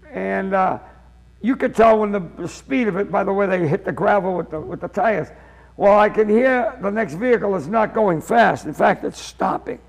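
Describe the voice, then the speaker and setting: A seventy-year-old comedian spins a lively anecdote. His voice is high, gravelly and husky. He acts out the voices of the people in his story as he goes. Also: low-quality recording. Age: 70s.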